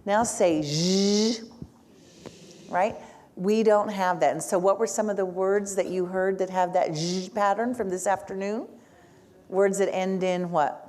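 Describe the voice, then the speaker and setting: A woman's voice: mid-range voice, steady tone, a little slow, darkish tone. A woman speech-language pathologist, a native Spanish speaker, leading an interactive workshop and having the audience repeat sounds.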